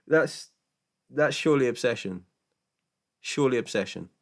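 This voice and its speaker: Speaking at a normal speed in a lowish voice, a British man with a British English accent runs a relaxed livestream Q&A. He chats and laughs often, restarts with stammers, and puts on jokey mock voices to quote others; he comes from Britain.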